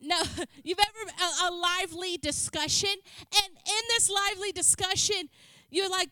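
A woman preaches to her congregation in a chatty, joking way. Her voice sits very high and sounds bright and sharp. The sound is dry and close, with little room echo. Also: measured pace. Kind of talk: sermon. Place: church.

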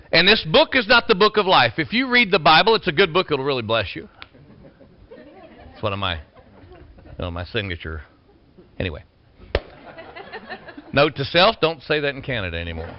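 A man preaching with a high voice that swings widely, leaping from low, quiet asides to shouted calls. His delivery is animated and exclamatory. The recording sounds slightly dull and lo-fi. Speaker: pastor. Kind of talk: sermon.

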